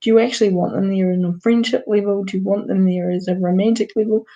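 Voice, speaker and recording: A woman's voice: mid-range voice, fairly even intonation, quick pace, mellow, lo-fi sound. A woman with a New Zealand accent giving card readings to viewers in a chatty, direct way, firing off rhetorical questions. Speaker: card reader. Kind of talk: live-stream card reading.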